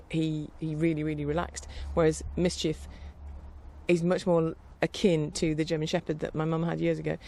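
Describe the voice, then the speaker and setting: A woman's voice: low-pitched, vocal fry, darkish tone. A middle-aged woman rambling casually as a podcast host, chatty and meandering. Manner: chatty, meandering, with frequent restarts and laughs.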